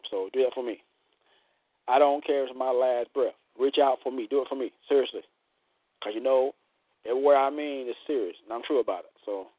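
A man's voice: medium pitch, dry recording. A man hosting a casual radio talk show, joking bawdily and acting out other people's voices. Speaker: show host. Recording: tinny phone-line sound, dry.

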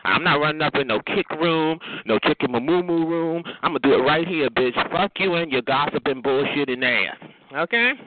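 A man, ranting at someone on a phone chat line, cursing, taunting and repeatedly asking "okay?". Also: moderate pace. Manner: pitch jumps up sharply when yelling. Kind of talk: heated phone rant. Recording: tinny phone line with hiss.

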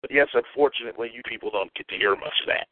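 A man's voice: medium pitch, very fast, no room sound. A man hosting a call-in talk show, ranting in an irate, repetitive way and trailing off mid-insult. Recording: tinny phone line.

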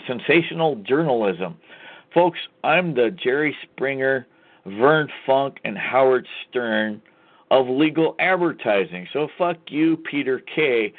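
A man hosts his own show in an angry, profane, hammering rant aimed straight at his listeners. His voice sits in an ordinary middle pitch. The sound is thin and tinny, like a phone line. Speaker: host. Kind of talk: ranting call-to-action monologue.

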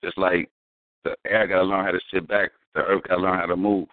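A man's voice: low-pitched, level tone, fairly quick, no echo. A man talking casually in slangy speech, telling stories with emphasis. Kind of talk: casual conversation. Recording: tinny phone-like audio.

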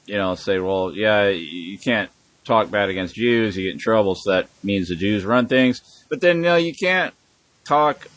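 A man's voice: on the low side, animated, normal speed, a bit bright, dry recording. A man hosting a podcast in casual chat, rambling and swearing with emphatic bursts. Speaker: podcast host.

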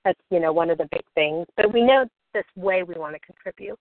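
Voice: medium pitch, a little fast, no echo. A podcast host musing thoughtfully about purpose and service in a conversation. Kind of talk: reflective conversation. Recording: dry phone-like audio.

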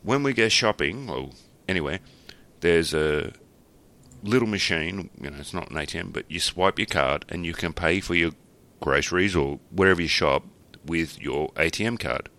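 Man, Australian accent, very deep voice, bright and forceful tone, joking podcast guest. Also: normal speed. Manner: jokey, laughs often. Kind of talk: casual joking chat.

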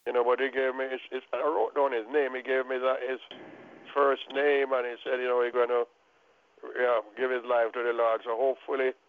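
A man's voice: medium pitch, flat delivery, a little fast. Jamaican man testifying over a phone line. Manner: earnest storytelling with many restarts. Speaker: caller sharing a testimony. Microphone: telephone.

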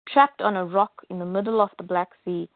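A woman reading the lines of a steady male soldier who stays calm under pressure, in a plain read-aloud delivery. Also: lowish voice, fairly quick, no room sound, close to an everyday voice. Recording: phone-like dry audio.

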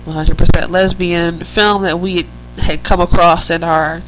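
A woman's voice: fairly low pitch, little pitch movement, measured pace. Chatty woman podcaster, faint hum. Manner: chatty and rambling, laughs easily. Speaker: podcast co-host. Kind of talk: casual chat.

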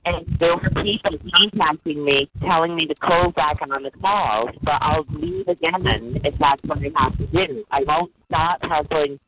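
A woman's voice: deep voice, sing-song, a little slow, hardly any pauses, phone-quality sound. Earnest woman caller on a noisy line. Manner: earnest, repeats herself, stammers on starts. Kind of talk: call-in conversation.

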